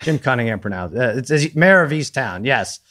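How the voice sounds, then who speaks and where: A man co-hosting a casual sports betting podcast, animated and quoting others as he talks. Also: medium pitch, normal speed. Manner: animated, quotes people in put-on voices. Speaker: podcast co-host.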